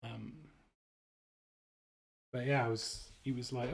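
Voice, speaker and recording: A man's voice: medium pitch, little pitch movement, unhurried, gravelly, pauses often, a little hiss or hum. A man from the United Kingdom hosting a livestream, chatting casually and rambling with frequent restarts while he builds. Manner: rambling, self-interrupting, chuckling. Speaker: livestream host.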